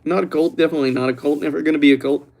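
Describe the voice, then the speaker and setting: A man's voice: on the high side, fairly even intonation, racing, a little mellow. Joking, teasing male livestream host. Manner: joking, teasing, reads chat aloud. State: relaxed after drinking red wine. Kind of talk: casual livestream chat.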